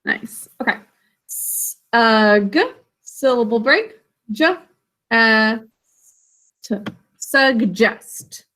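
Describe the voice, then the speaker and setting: A woman's voice: fairly high pitch, very slow, long pauses, pushed and bright. A woman teaching an online literacy lesson over a video call, carefully sounding out words and encouraging her students.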